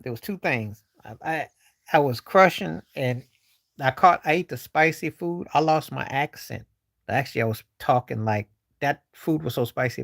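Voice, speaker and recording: Gravelly rambling man chatting. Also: mid-range voice, dry recording, studio quality. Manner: loose, rambling, slangy. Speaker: livestream host. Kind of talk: casual chat answering viewers.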